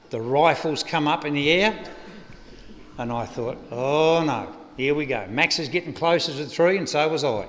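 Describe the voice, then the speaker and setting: A man's voice: medium pitch, fairly bright tone. A man with an Australian accent giving a eulogy, spinning a rambling, humorous yarn at a lectern microphone. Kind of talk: eulogy anecdote. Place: funeral service venue. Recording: echoey funeral hall.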